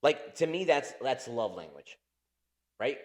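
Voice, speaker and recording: A man's voice: medium pitch, sing-song, unhurried. A man in his thirties co-hosting a podcast in casual chat, rambling, swearing a lot and laughing often. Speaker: podcast co-host.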